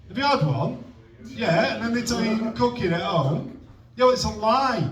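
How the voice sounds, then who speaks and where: A young male comic at an open mic rambles and mocks himself on a comedy club stage before an audience, sounding awkward and trailing off mid-joke. His voice sits high, expressive and at normal speed, caught by a distant mic with roomy, reverberant venue sound and slight background noise.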